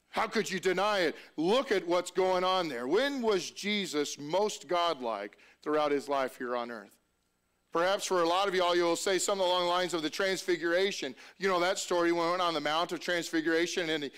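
A man's voice: sits high, a bit bright, smooth. A man preaching a sermon as pastor, talking conversationally, often restarting sentences and asking the congregation rhetorical questions.

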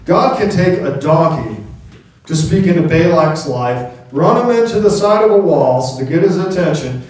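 Middle-aged male preacher, storytelling sermon, booming hall echo. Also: darkish tone. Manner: storytelling preacher, calls out amen to the congregation. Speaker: pastor. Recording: very echoey hall, mic from a distance.

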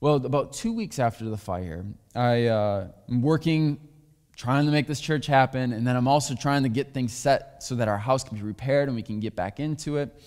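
In a church sanctuary with long hall reverb, a pastor preaches candidly and shares personal stories. His voice is medium-pitched and darkish, at a moderate pace.

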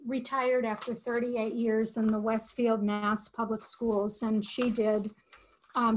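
Slow, expressive older woman reading aloud. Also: fairly high pitch. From United States. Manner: slow, expressive storybook reading with pauses to explain words. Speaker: speech-language teacher reading a picture book aloud. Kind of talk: read-aloud lesson for educators.

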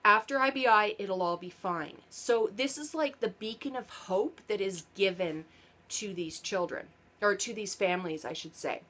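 A woman's voice: medium pitch, normal speed, a bit bright. A parent and vlogger talking through a frustrating topic in a casual explainer vlog. She is earnest and sarcastic, and often stops to correct herself mid-sentence. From Canada.

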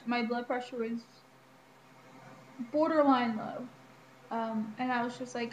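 A woman's voice: a little high, little pitch movement, unhurried, pauses often, a little mellow. A young woman giving a casual personal health update, chatty with lots of ums and likes. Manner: chatty, frequent ums and likes, laughs between remarks. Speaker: vlogger. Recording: echoey room with faint ambient noise.

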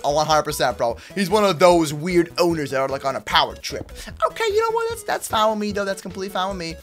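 Excitable male gaming YouTuber, lively swooping delivery, slangy hype commentary. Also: high-pitched, fast talker, soft background music. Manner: hyped, slangy, excitable, talks to viewers. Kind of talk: Minecraft gameplay commentary.

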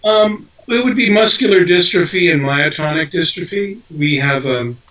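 A man's voice: sits high, animated, moderate pace, fairly bright tone, recorded from a distance, low-quality recording. An older man, an actor being interviewed, talking casually with lots of fillers and restarts. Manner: rambling, many fillers and restarts. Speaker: actor guest.

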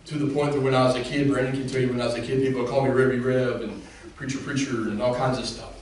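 A senior lead pastor preaches straight to his congregation in an impassioned preacher's cadence, his medium-pitched voice fast and flat in delivery. The recording is echoey and distant, with background noise.

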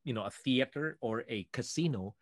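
A man from the Philippines, a guest singer, telling stories in a lively way and acting out what others said. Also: medium pitch, moderate pace, dry recording, clean studio sound. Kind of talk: animated storytelling.

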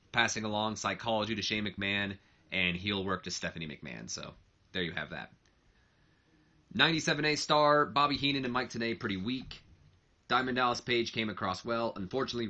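With a sharp tone and a mid-range voice, this let's play narrator talks loosely over a wrestling management game, wandering off track and fixing his own words along the way.

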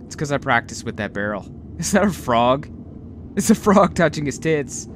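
A young man giving live gameplay commentary, talking to himself, excitable and swearing often. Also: on the high side, normal speed, slight background noise. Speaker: gaming video host.

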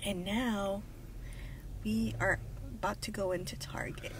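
A woman's voice: medium pitch, measured pace, crowd noise, rough recording. A woman, chatting casually and teasingly for a vlog from a car. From Hawaii. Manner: relaxed, giggly, teasing. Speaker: vlogger.

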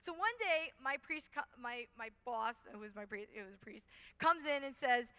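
An animated woman telling stories at a conference, full of fillers and quick restarts. Her voice is high and bright. A long reverb trails after her words in a large hall. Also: clean tone. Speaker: conference speaker. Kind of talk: storytelling conference talk.

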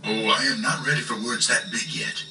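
An actor voicing a disembodied brain that is giddy, confused and grandiose, with an excitable, wildly swinging delivery. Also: male voice, mid-range voice, brisk, soft background music. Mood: eager. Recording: echoey, distant, with noisy ambience.

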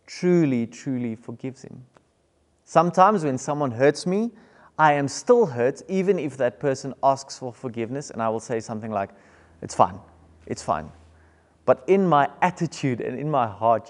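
A man's voice: mid-range voice, a little mellow, long reverb tail. A man with a South African accent, preaching a sermon as pastor in an earnest, emphatic way, repeating key words.

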